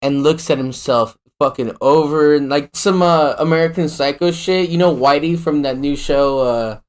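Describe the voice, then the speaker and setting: A man's voice: on the high side, moderate pace. A man co-hosting a podcast, telling stories in loose, profane casual chat. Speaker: podcast co-host.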